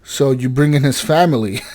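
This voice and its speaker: A young man co-hosting a gaming podcast, telling a story with animated energy, swearing and acting out the characters' lines. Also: medium pitch. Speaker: podcast co-host. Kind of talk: casual gaming chat.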